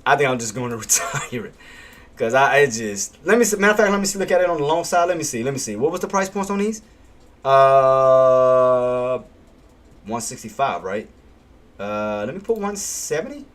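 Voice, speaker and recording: A man's voice: mid-range voice, big pitch swings, moderate pace. A man hosting a live day-trading stream, walking viewers through price levels. He repeats himself, asks questions and answers them, and punctuates his calls with "bam" and a chuckle. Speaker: day-trading livestream host. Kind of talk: live market commentary.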